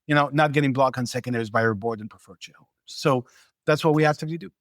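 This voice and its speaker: A man with a mid-range voice races along in clean studio sound with no room echo. A venture capital investor appearing as a guest in a casual podcast conversation, he recounts his own experience emphatically and persuasively.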